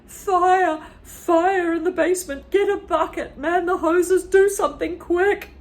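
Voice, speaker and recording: A woman's voice: mid-range voice, sing-song, brisk, a bit bright. Cranky old grandma voiced by a woman reader, impatient and snapping, storybook read-aloud. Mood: panicked shouting. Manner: snapping, impatient, later shrieking. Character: grumpy bossy old grandmother.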